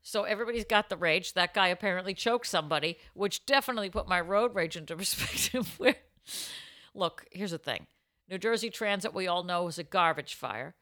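A woman co-hosting a podcast, telling animated, joking stories in casual chat. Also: on the low side, a little fast. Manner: chatty storyteller, animated and joking. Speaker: podcast co-host.

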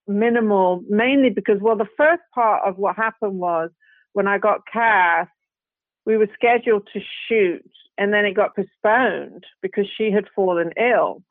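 Her mid-range voice keeps a measured pace as this British guest actress chats loosely in an interview, restarting often, laughing and dropping "you know" again and again. The recording is dry and phone-like, tinny, without any room sound.

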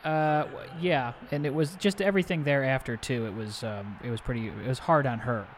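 A man improvising as a sweaty, recently divorced salesman who eats everything, talking in a deadpan mumble. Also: mid-range voice, brisk, slight background noise, natural voice. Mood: glum. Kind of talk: improvised comedy scene.

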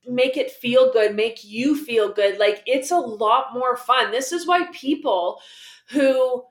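A woman guest explaining money habits in a casual interview, lively and acting out the voices she quotes. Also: a little high, slow pace, reverberant. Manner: animated, acts out quoted voices.

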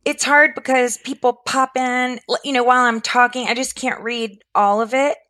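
A woman's voice: fairly high pitch, fairly even intonation, moderate pace, pushed and bright. A woman interior designer as a podcast guest, answering in a modest, friendly way. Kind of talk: casual interview.

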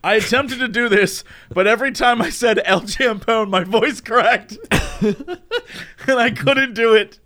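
A young man co-hosting a podcast, telling a dream story in casual chat, animated and laughing often. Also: very high voice, a little slow. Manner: animated, laughs often, shouts silly catchphrases. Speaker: podcast co-host.

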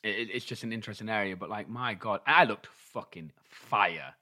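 A man's voice: lowish voice, normal speed, bright, forceful tone. A man in his thirties with an English accent, co-hosting a podcast in casual, camp chat with frequent swearing. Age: 30s. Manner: chatty, camp, swears freely. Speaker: podcast co-host.

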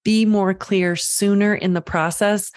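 A woman's voice: mid-range voice, steady tone, measured pace, no room sound, studio quality. A woman parenting coach giving direct advice to the listener, reassuring and calling them friend. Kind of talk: direct-to-camera advice talk.

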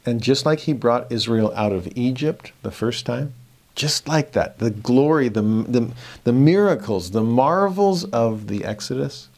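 A man teaching scripture verse by verse, reading passages aloud and then explaining them with lively asides. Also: mid-range voice, unhurried.

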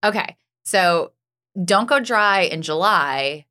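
A woman's voice: lowish voice, animated, slow pace, pushed and bright. A woman co-hosting a casual podcast, chatty and rambling, laughing easily as she talks. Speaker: podcast co-host and news anchor. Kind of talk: casual chat. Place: Asheville area.

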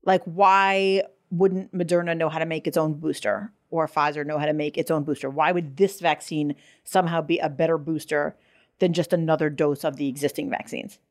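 A woman co-hosting a podcast in casual chat, animated and quick to curse in her banter. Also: deep voice. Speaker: podcast co-host.

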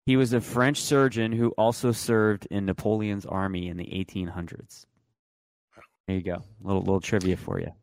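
A man's voice: lowish voice, little pitch movement, normal speed, darkish tone, no echo. Jokey man on a sports chat. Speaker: podcast co-host. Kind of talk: casual sports talk.

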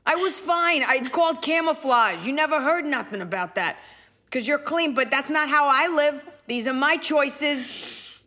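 A woman doing a gruff street-smart cat. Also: high-pitched, animated, normal speed, bright, forceful tone, voice pushed up. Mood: defiant. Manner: tough, defiant street talk with double negatives. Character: gruff streetwise female cat, grumpy and scheming.

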